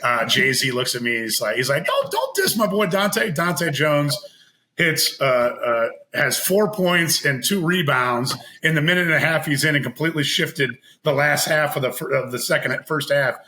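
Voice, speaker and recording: A man telling a long personal story in casual chat as a podcast guest, animated and laughing, acting out what others said. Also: a little high, normal speed, a little hiss or hum, rough recording. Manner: animated, laughing, acts out quoted voices.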